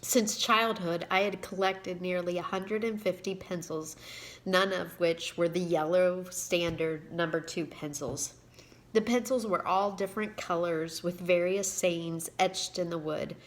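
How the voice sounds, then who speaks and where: Woman in her 40s, lower voice, personal video reading her own story, gets choked up, halting delivery. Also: fairly even intonation. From Indiana, USA. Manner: emotional, halting, reading aloud with pauses. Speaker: author and giving speaker.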